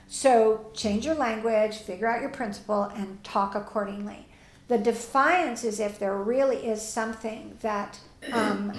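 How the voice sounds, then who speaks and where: A woman's voice: fairly high pitch, darkish tone, reverberant. A woman teaching parents and answering audience questions, plainspoken and direct, often acting out what parents and children say.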